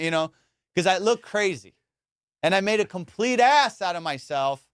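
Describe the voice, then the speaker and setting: A young man hosting a podcast, telling a story in an animated, casual way, swearing and saying "dude" and "bro" a lot. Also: high-pitched, a little fast, clean tone, no room sound, clean studio sound. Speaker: podcast host.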